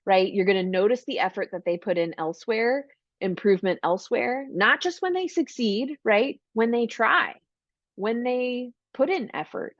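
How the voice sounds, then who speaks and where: A woman's voice: fairly high pitch, expressive, normal speed, no room sound, dull audio. A woman giving an online parenting workshop in a casual, chatty way, full of "like" and "right?", acting out encouraging lines for parents. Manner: acts out warm parent lines in a brighter voice.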